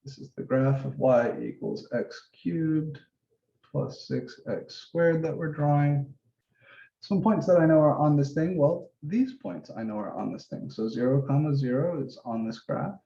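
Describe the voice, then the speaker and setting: A man's voice: on the high side, a little slow, vocal fry, dark tone. A male math instructor in a casual office-hour lesson, talking through each step as he works, with an occasional mild swear. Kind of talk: office-hour lesson, thinking aloud while drawing. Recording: roomy, dull lo-fi recording.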